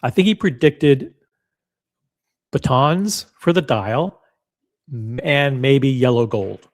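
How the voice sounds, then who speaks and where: A man hosting a casual livestream, chatty and blunt, reading viewer comments aloud with quick restarts and self-deprecating asides. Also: medium pitch, animated. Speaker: livestream host reacting to watch predictions.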